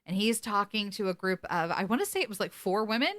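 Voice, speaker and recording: Woman, podcast co-host, bright voice, casual recap, animated quoting. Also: medium pitch, fast. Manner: animated retelling, quoting characters with laughs.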